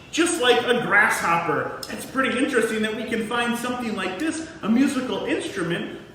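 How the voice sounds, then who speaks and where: Lively man teaching small children. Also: high-pitched, slight background noise. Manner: lively, sing-song, talks to kids. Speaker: museum educator. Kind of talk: children's lesson. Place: museum room. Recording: echoey room, mic far off.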